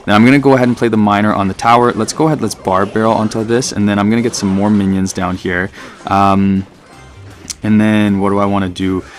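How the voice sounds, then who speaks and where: A man giving casual, excitable live commentary over his own gameplay as a gaming channel host. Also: fairly low pitch, a little fast, soft background music. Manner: casual, chatty, excitable, fillers and "dude".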